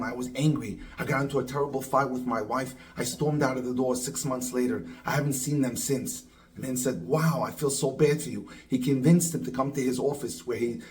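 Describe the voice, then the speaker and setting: A man, a rabbi and dating coach, telling a moral story and acting out the quoted lines in lively voices. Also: mid-range voice, rough recording.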